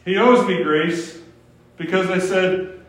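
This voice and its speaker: A preacher mimicking a cocky, selfish churchgoer. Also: male voice, sits high, takes it slowly, fairly bright tone, pitched above the performer's own voice. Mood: mocking. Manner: mocking, cocky and carefree. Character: smug selfish male churchgoer bragging about grace. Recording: roomy echo.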